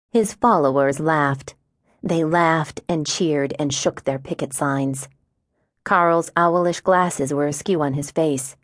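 Woman, low voice, audiobook narrator, measured wry reading, dry close sound. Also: dry recording. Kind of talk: scripted first-person narration.

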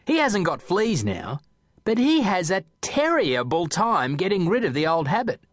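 A man narrating a children's audiobook in a playful, expressive storytelling manner. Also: sits high, moderate pace, no room sound, studio quality.

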